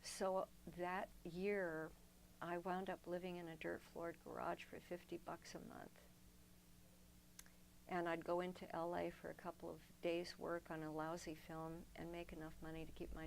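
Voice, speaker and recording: Sitting for an interview, an older female guest reflects on her life through long personal stories, frequently starting her sentences over. She has a gravelly voice on the low side, and the poor audio carries a little hiss or hum.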